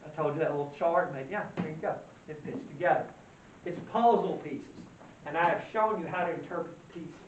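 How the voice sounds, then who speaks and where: In an echoey classroom, a man with a high-pitched voice lectures on math in a folksy way, firing off questions and answering them on his own. He sounds distant from the microphone, and the recording is dull and lo-fi with light hiss underneath.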